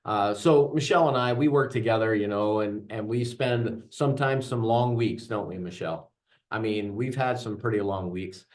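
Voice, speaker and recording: A man's voice: lowish voice, moderate pace, a little mellow. Man leading a veterans workshop. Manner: earnest, joking storyteller addressing audience. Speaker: veteran trainer. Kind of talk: interactive workshop talk.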